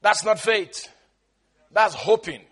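A pastor preaching a sermon, emphatic, stretching words slowly and acting out quotes from his congregation. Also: sits high, lively intonation, fairly bright tone.

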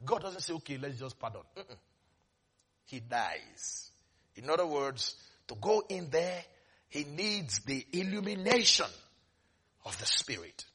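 A man preaching a sermon dramatically, swinging between quiet asides and sudden shouts with laughter. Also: fairly high pitch, big pitch swings, takes it slowly, pauses often, slightly rough.

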